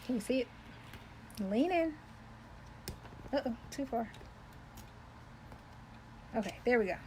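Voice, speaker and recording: Her voice is a little high and dark in tone, with lively intonation, and she takes things slowly. This talkative woman demonstrates embroidery on a live stream, chatting with viewers and greeting them by name as she works. The rough recording carries some hiss or hum.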